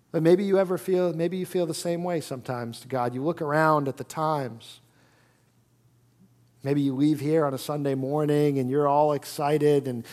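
Male pastor preaching to a congregation; high voice, lively, gets loud for emphasis. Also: in a large hall. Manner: animated, rising to shouts for emphasis. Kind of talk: sermon. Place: church sanctuary.

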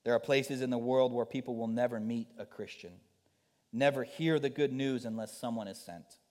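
A man preaching a sermon as a missionary speaker, rising to urgent pleas and dropping to soft, quiet lines. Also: medium pitch, moderate pace. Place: church.

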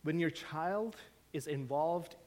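A man preaching a sermon as pastor, telling stories and swinging from hushed, quiet lines to emphatic questions. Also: fairly high pitch, slow. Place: church sanctuary.

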